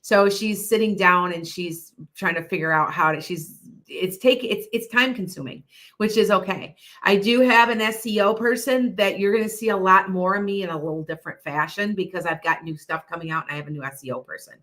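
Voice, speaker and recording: Middle-aged lady psychic chatting on a stream, bright voice, all over the place. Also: medium pitch, brisk. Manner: rambling, jumps between thoughts, many restarts. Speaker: psychic host answering viewers. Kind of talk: casual livestream chat.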